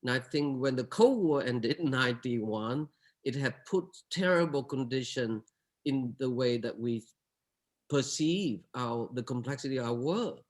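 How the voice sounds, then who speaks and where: A man's voice: mid-range voice, lively intonation, measured pace. A man speaking as a curator on a panel, earnest and searching, often restarting his sentences. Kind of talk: reflective panel remarks.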